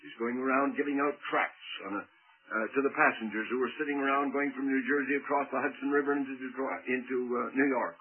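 A man preaching a dramatic sermon, acting out the voices he quotes and swelling suddenly to loud peaks. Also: mid-range voice, fairly even intonation, a little fast, slightly rough. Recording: tinny phone-like old radio broadcast.

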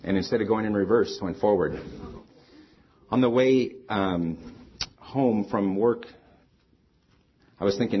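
A man's voice: lowish voice, a little slow, long pauses, slight background noise. A middle-aged man preaching a sermon as a pastor, earnest and conversational, weaving in personal stories. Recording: slightly dull lo-fi sound.

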